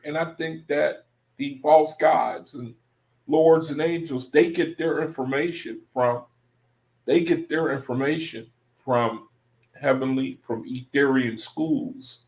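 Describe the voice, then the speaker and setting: A man's voice: a little high, reverberant. A man giving an informal Bible study talk in a loose, conversational way, often circling back and repeating himself. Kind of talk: informal scripture teaching monologue.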